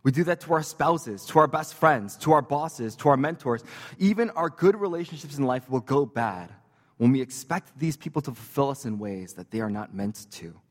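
A man's voice: mid-range voice, lively intonation, normal speed, long reverb tail. A man preaching a sermon as pastor, conversational and joking, with casual fillers and asides.

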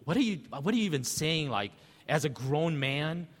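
A baffled, skeptical grown man, as a preacher puts him on. He stumbles through halting, puzzled questions. The voice is fairly high for a man and carries a long echo. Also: animated.

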